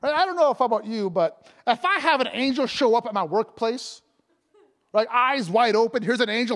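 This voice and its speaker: A man with a notably high voice preaches a sermon as an evangelist. He keeps it casual and playful, laughing between points and stumbling through fillers and restarts as he goes. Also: expressive, brisk, fairly bright tone.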